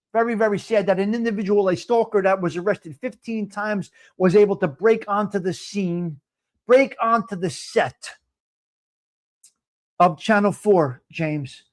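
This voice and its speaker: A man nearing sixty, talking to his live viewers in a voice pitched high for a man. He rants loudly and swears freely, calling his viewers by name as he goes. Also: moderate pace. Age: 50s. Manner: loud, profane, ranting, addresses viewers by name. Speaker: live-stream host. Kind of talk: casual chat to live chat viewers.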